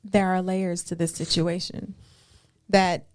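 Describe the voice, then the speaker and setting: A woman co-hosting a podcast, chatting casually and deliberately, often repeating herself to drive a point home. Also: lowish voice, little pitch movement. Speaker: podcast co-host. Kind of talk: casual chat.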